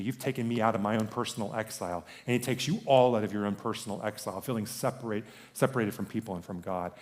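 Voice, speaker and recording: A man's voice: lowish voice, darkish tone. A man in his thirties, a pastor, preaching a sermon in a conversational, joking way.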